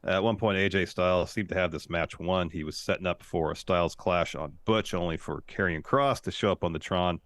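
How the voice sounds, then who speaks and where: Male co-host, very low voice, retells wrestling promos from notes, dry mic. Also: fairly quick, hardly any pauses, fairly bright tone, no room sound. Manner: reads from notes, retells promos at length, short affirmations. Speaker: podcast co-host. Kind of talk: casual wrestling recap.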